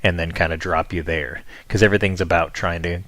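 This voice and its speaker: A young American man with a notably deep, low voice, talking to his viewers in a loose, rambling way as he plays. His delivery is chatty and offhand, and he drifts from one thought to the next. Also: fairly even intonation, fairly quick, fairly bright tone, no echo. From United States. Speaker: streamer. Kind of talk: casual chat with viewers while playing.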